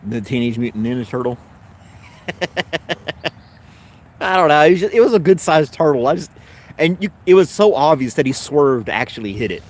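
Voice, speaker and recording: A man's voice: fairly high pitch, animated, moderate pace, pauses often. Rambling Southern American man. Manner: rambling storyteller with many fillers and self-corrections; laughs easily while telling stories. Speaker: live-stream host. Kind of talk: casual live-stream chat with viewers.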